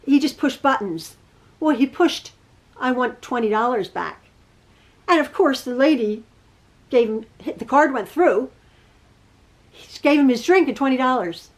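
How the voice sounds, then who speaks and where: A woman's voice: high-pitched, lively intonation, normal speed. A middle-aged woman who hosts a quilting channel, telling a story from her home in a chatty, rambling way, often correcting herself. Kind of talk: casual storytelling. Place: home sewing room.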